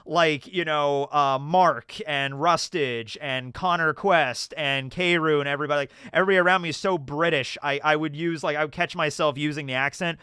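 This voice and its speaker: On a laid-back livestream, a young man from the United States reads chat questions and spins meandering, lively stories packed with filler words. His voice sits on the high side and is smooth, moving at a moderate pace with hardly any pauses. The sound is clean studio audio without echo.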